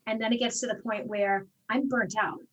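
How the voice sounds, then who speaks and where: Lively woman storyteller, slightly off-mic. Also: a little high, moderate pace, distant mic, low-quality recording. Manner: animated storyteller, acts out quoted exchanges. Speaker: fitness instructor. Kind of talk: casual interview talk.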